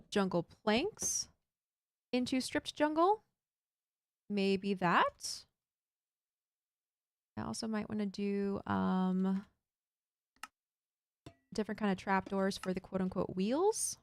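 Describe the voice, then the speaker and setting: A woman's voice: mid-range voice, smooth, no echo. A woman streaming a building game, chatting casually and thinking aloud while she builds and reads chat. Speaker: Minecraft streamer.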